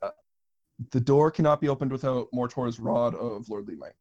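A man running a tabletop game as game master, narrating in a halting way with many pauses. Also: medium pitch, a little mellow, highs cut off.

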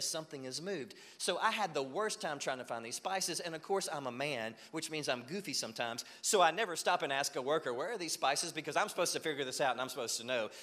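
A man's voice: fairly high pitch, fairly bright tone. A man preaching a sermon as pastor, telling stories and building to emphatic points with frequent calls of "Amen?". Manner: storytelling, rising to emphatic peaks, frequent "Amen?". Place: church sanctuary with long reverb. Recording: long hall reverb.

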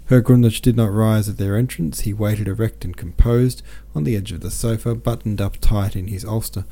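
A man, the podcast's host, narrating a classic novel aloud in a measured, even reading style. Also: lowish voice. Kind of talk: audiobook narration.

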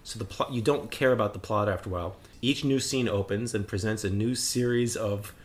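Guy cohosting a chat show, lively storyteller, acts out what people said, laughs a lot. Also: on the low side, a little fast. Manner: animated storyteller, acts out quotes, laughs often. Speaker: podcast co-host. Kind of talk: casual chat.

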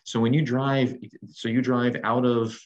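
A man from the United States co-hosting a casual chat, animated and jokey, wandering off on tangents. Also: medium pitch, unhurried, muffled recording. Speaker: podcast co-host.

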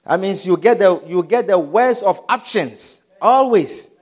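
A man preaching a sermon, animated and often asking the congregation whether they understand. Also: high voice, a little slow. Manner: animated, repeatedly asks "Do you understand?".

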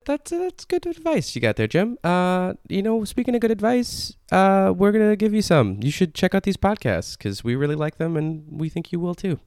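A man's voice: high-pitched, sing-song, normal speed, hardly any pauses, darkish tone, smooth, no echo, clean studio sound. Wry, teasing podcast host man. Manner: teasing, wry, laughs a lot. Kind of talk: casual chat.

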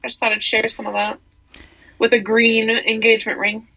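Husky-voiced woman co-hosting a chatty podcast. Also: fairly high pitch, level tone, moderate pace, bright, forceful tone, rough recording. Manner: rambling, many fillers and restarts. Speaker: podcast co-host. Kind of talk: casual chat about entertainment news.

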